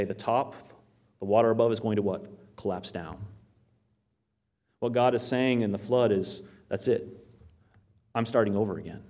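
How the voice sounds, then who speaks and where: Lower-voiced man teaching a sermon. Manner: asks questions and answers them himself; animated storytelling, quotes scripture aloud. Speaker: Bible teacher.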